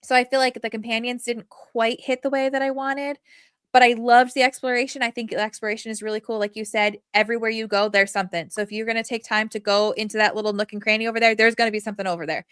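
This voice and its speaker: A woman co-hosting a podcast in casual chat, animated and rambling with many fillers. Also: a little high, fast talker, smooth, dry recording, clean studio sound. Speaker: podcast co-host.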